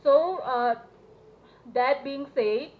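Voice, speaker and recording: A woman's voice: high-pitched, very slow. A young woman from Manipur giving an earnest, hesitant public speech as a student representative, with many fillers. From Manipur, India. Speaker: student representative speaking at a solidarity event. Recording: tinny phone-like live stream with faint noise.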